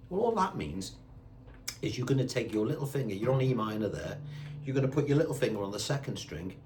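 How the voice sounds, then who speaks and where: A man's voice: mid-range voice, lively intonation, brisk, darkish tone. An older man giving a chatty beginner guitar lesson, counting beats aloud as he strums his own guitar. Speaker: guitar teacher. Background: his own acoustic guitar strumming.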